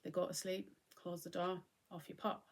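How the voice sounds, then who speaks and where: A middle-aged woman giving a gentle, conversational talk on mindfulness and acceptance as host. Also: on the low side, flat delivery, moderate pace, gravelly. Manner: gentle, conversational, often acting out what she would say.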